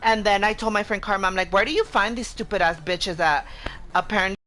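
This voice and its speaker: A woman's voice: mid-range voice, steady tone, fairly bright tone. A woman streamer telling a story in casual chat, profane and heated, quoting herself over and over. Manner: profane, heated retelling of an argument; fast, repetitive quoting with "I'm like". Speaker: game streamer.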